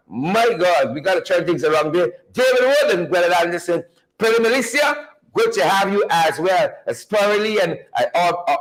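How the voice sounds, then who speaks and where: Guyanese male host, high-pitched and very animated, calls out viewers one by one. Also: rough recording. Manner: animated, playful, repeats phrases for emphasis. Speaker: livestream show host. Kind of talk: lively livestream welcome, greeting viewers by name.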